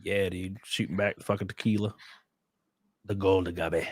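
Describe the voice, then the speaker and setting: A man's voice: sits low, fairly even intonation, normal speed, slightly rough, dry recording, studio quality. A man in his thirties streaming a casual chat, crude and joking, laughing often and throwing in silly voices. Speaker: streamer host.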